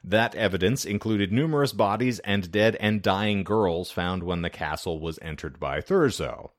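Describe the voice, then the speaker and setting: Speaking at a normal speed in a low voice, this man co-hosts a laid-back history podcast, reading partly from his research notes. His delivery is wry and talkative with plenty of fillers, and the remote-call audio is echo-free and studio quality.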